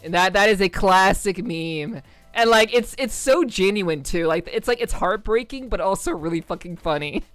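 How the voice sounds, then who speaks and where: Here a New York City-area woman livestreams, chatting loosely with viewers, swearing, rambling, peppering in ums and bursts of laughter. Her mid-range voice sounds animated at a moderate pace, with no room sound and faint music behind her.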